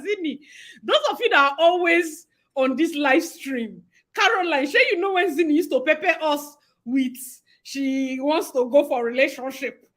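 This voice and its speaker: A woman's voice: high-pitched, normal speed, fairly bright tone. A young woman with a Nigerian accent hosting a casual livestream, chatting and greeting viewers by name with frequent laughter. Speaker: livestream host. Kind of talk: casual live-stream chat.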